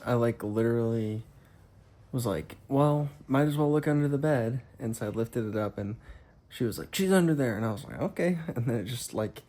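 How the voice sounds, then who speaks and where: A man tells a short story in a relaxed, offhand way. His speech is loose and dotted with fillers. He is talking in a hotel room. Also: medium pitch, normal speed. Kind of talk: casual chat.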